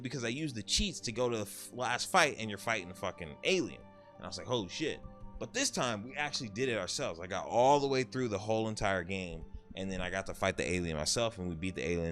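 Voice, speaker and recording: A man in his thirties chatting casually about games he beat, telling stories in an animated way with some swearing. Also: on the low side. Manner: animated storytelling, swearing, quick asides. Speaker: gaming YouTuber. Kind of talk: casual game review chat.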